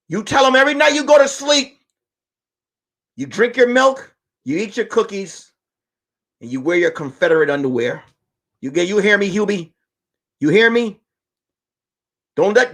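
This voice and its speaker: A man's voice: high voice, a bit bright, full character voice. A man voicing a bossy, doting wife who scolds and urges her husband on, cursing and repeating his pet name.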